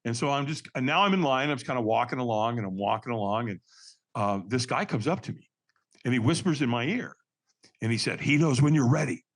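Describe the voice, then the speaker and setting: Brisk and animated, a medium-pitched man guesting on a podcast relates a story, putting on different voices for the quotes. He's a firewalking instructor, and he calls the host Doc.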